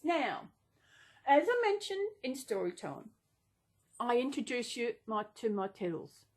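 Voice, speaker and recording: A woman's voice: high-pitched, animated, measured pace. A woman chatting casually and unplanned in a vlog, rambling and gushing with gasps and restarts. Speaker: vlogger.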